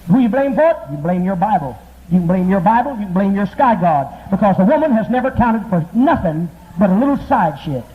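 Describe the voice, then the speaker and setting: A man preaching with scornful, profane fire, his voice sitting high for a man. It comes through a narrow, phone-thin band on an old archival tape. A faint hiss runs underneath. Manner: mocking, profane, impassioned. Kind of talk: fiery sermon.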